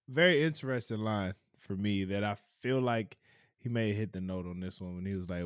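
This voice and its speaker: A man's voice: on the low side, normal speed, clear, resonant tone. A young adult man co-hosting a podcast, talking in a laid-back way with plenty of fillers. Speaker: podcast co-host. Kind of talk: casual chat.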